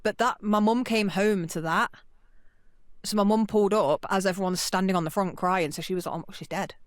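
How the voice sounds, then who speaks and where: A woman's voice: medium pitch, moderate pace, no room sound. Woman on a podcast, swears a lot, acts out everyone in her story, dry close sound. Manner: animated, swears freely, acts out quoted voices. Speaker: podcast co-host. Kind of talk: casual storytelling chat.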